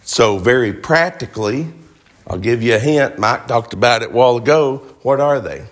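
A man preaching with emphasis, his voice sitting at a middle pitch. He keeps asking his listeners rhetorical questions, pressing each point home. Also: expressive, normal speed. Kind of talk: sermon.

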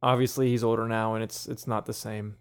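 Young man, casual music-chat co-host, relaxed and chatty, hums riffs mid-sentence. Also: on the low side, a little fast, smooth. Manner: relaxed, chatty, hums and sings snippets of songs. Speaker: podcast co-host reviewing an album.

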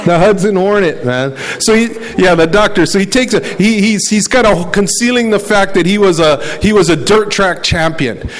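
A man's voice: high-pitched, normal speed, hardly any pauses, poor audio. A man preaching a sermon in a conversational, fervent way, often repeating words as he searches for them. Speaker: pastor.

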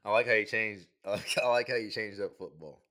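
A man's voice: on the low side, a little fast, pushed and bright. A young man co-hosting a podcast in casual chat, laid-back and teasing. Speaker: podcast co-host.

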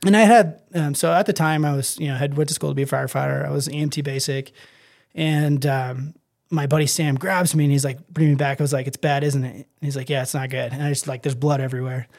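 A man's voice: fairly high pitch, steady tone, quick pace, gravelly, a little mellow. A man telling his own story in a casual interview, rambling with many fillers and acting out his own thoughts. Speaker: guest.

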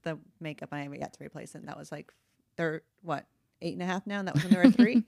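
Lowish-voiced woman asking questions, dry sound. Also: fast, creaky, no room sound. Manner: asks short follow-up questions, reacts softly. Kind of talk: casual chat.

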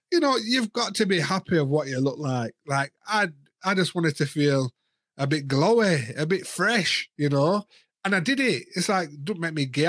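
A man's voice: a little high, fairly bright tone, dry recording, clean studio sound. A man in his thirties or forties, a guest in casual candid chat, talking frankly and rambling, often repeating words as he thinks.

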